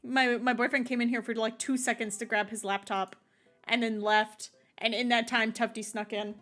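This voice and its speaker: A woman's voice: on the high side, level tone, normal speed, a bit bright, faint music behind. A woman streamer chatting casually over a game and talking to her cat.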